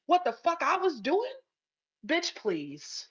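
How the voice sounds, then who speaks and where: A woman's voice: sits high, huge pitch swings, slow. A woman hosting a live audio chat room, defensive and profane, stumbling and repeating herself. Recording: dull lo-fi sound.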